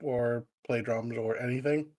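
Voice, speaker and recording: Man, mid-pitched voice, easygoing, thinks aloud, casual chat. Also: fairly even intonation, measured pace, darkish tone. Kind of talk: casual chat between game sessions. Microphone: video call mic.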